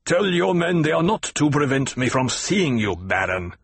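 Man playing a gruff officer, growling, disdainful, husky, dry. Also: a little high, very animated, normal speed, no room sound, exaggerated voice.

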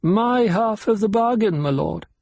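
A broken old doctor, defiant to the end, voiced by a man reading an audiobook. His voice rises high and strained, each word placed in a slow, measured cadence, husky and dry. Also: expressive, darkish tone, exaggerated voice. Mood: pleading.

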